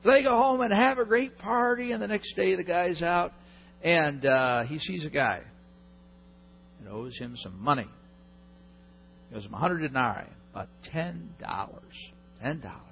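Conversational pastor, husky and slightly high; long hall reverb, lo-fi. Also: male voice, lively intonation, moderate pace, pauses often, slight background noise. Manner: conversational, questions the congregation directly. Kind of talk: sermon. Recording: echoey hall, dull lo-fi sound.

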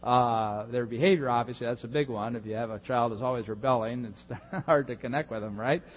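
A husky-voiced male pastor delivers a casual, joking sermon full of fillers and asides. His voice rings with a long hall reverb. The sound is dull and lo-fi. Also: mid-range voice, a little fast. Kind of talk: conversational sermon.

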